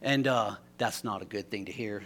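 A male pastor preaching a sermon in a church, telling a story animatedly, swinging from loud to hushed. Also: lowish voice, normal speed. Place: church sanctuary.

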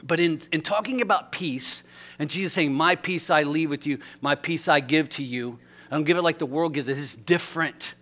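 Animated higher-voiced male preacher. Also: normal speed. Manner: animated storytelling, swings from loud to hushed. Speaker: pastor. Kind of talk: sermon. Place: church sanctuary.

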